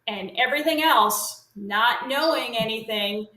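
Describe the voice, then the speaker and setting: A woman's voice: fairly high pitch, unhurried, bright, forceful tone, reverberant, poor audio. A middle-aged woman telling long casual stories as an interview guest, rambling with fillers and restarts. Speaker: guest, parrot consultant. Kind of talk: casual storytelling chat.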